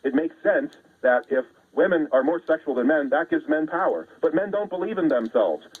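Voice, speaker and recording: A man's voice: on the high side, animated, moderate pace, slightly rough. A man, a guest calling in to a radio show, lecturing in an assertive way over the phone. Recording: tinny phone line.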